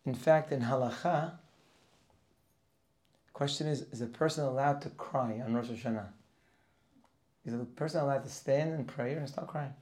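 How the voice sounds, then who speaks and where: A man's voice: medium pitch, moderate pace, pauses often. A man teaching a Torah class for Rosh Hashanah, reading Hebrew verses and translating them line by line. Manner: reads Hebrew verses and translates each, rising and louder as he goes.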